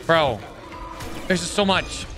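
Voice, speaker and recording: A man's voice: on the high side, lively intonation, takes it slowly, music in the background. A young adult man playing a video game and commenting with frustrated, swearing outbursts. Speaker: gaming YouTuber. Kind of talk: let's play commentary.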